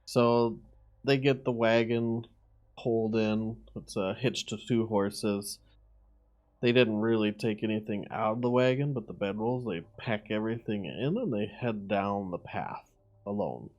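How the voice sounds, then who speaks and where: A man with a fairly low voice narrates a tabletop game as its dungeon master. He describes the scene in a calm, low-key way, building it up bit by bit. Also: a little slow, muffled recording.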